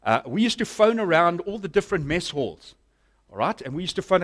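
A middle-aged man preaching a sermon, telling a story and swinging from loud bursts to hushed lines. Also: high voice, sing-song, a little fast. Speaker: pastor.

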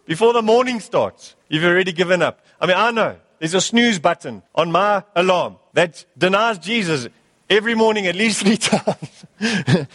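A man's voice: sits high, lively intonation, moderate pace, a bit bright, long reverb tail. A male pastor preaching a sermon, urging his church with emphatic, repeated exhortations.

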